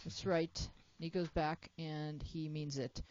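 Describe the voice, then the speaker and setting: A woman's voice: sits low, level tone, slow pace, a little mellow, muffled recording. Playful, jokey woman hosting a talk show. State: jet lagged. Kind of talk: casual chat.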